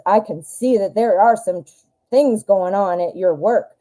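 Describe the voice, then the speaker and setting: A woman's voice: mid-range voice, unhurried, warm tone, poor audio. A woman in her forties hosting a live tarot reading stream, chatting casually with fillers and self-corrections as she thinks aloud.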